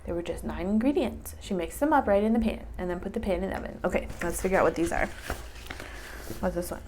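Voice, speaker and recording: A woman teacher doing a read-aloud storytime, animated and chatting with a child. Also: on the low side, fast, a little hiss or hum. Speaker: English teacher.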